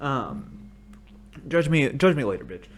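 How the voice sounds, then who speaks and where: A man from the United States talks solo into a studio mic in a loose, rambling monologue. His pitch swings widely from mutters to yelled outbursts, and he laces his stories with profanity. He sits at a middle pitch for a man. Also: very animated, unhurried, a little hiss or hum. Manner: profane, rambling storytelling that bursts into shouted rants. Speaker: podcast host. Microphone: studio microphone.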